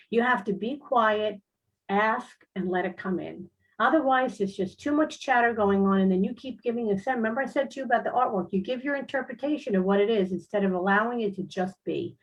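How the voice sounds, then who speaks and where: A middle-aged woman with a husky, medium-pitched voice appears as a spiritual guest on an online talk show, sharing personal stories casually. She sounds chatty and earnest, with lots of fillers, and the audio quality is poor.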